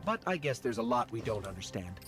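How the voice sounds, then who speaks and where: A man plays a male video game ally who reports on the fight in a lively voice that swings up and down. His voice sits in the middle of the usual range. Strong music plays under the game audio. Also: mid-range voice, a little fast, natural voice. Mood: puzzled.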